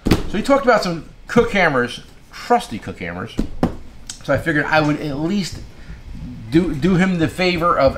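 A fairly high-voiced man, running a tool shop channel and ranting through customer stories. His pitch swings widely as he acts out callers and repeats himself for emphasis. A faint hiss of noise sits under the recording. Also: sing-song, normal speed. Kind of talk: casual storytelling rant to camera.

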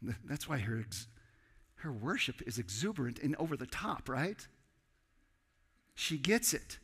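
A man preaching a sermon as pastor, animated and acting out dialogue with sudden loud outbursts. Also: medium pitch, measured pace, slightly rough. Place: church sanctuary. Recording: church hall with long reverb.

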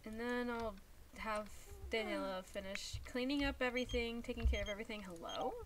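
A woman's voice: fairly high pitch, fairly quick, background noise. A young woman streaming a life-sim game, scolding her characters with exasperation. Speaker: gaming streamer. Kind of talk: casual gameplay commentary.

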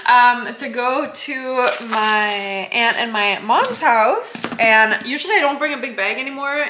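Young woman, casual vlogger, higher voice, rambling filler-heavy chat, noisy recording. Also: animated, a little slow, sharp tone. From Canada. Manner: chatty, rambling, giggly, lots of "like" and "um". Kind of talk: casual vlog chat to camera. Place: car, parked.

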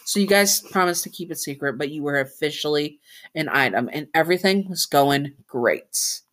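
Low-voiced woman telling a fanfic story, chatty, lots of little asides. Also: animated, moderate pace, a bit bright. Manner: chatty, self-correcting asides. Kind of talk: casual fan-fiction narration.

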